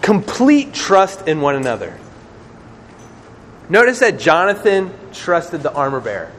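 A man preaching a sermon in a lively, casual way, acting out quoted voices with slang. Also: on the high side, a little slow, a little hiss or hum. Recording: long hall reverb, faint ambience.

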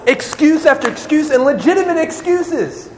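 High-voiced animated preacher man in a hall. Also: normal speed. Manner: animated, acts out quoted voices, casual slang. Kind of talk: sermon. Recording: long hall reverb, faint ambience.

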